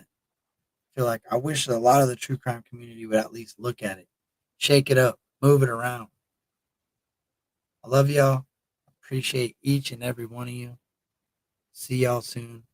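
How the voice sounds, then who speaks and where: A man's voice: mid-range voice, no room sound, rough recording. A tired man hosting a casual live stream in a laid-back, rambling way, thanking his chat. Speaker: host.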